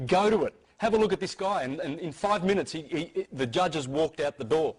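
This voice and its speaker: A man's voice: fairly high pitch, fairly quick, slightly rough, low-quality recording. A man giving an informal lecture to an audience, talking emphatically and insistently, often restarting and repeating words. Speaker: speaker giving a talk.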